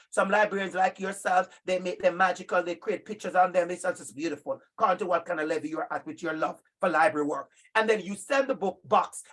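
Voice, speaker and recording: Emphatic husky man presenting. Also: sits high. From Jamaica. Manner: emphatic, animated, calls on participants by name. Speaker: workshop presenter for educators. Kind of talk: interactive online workshop talk.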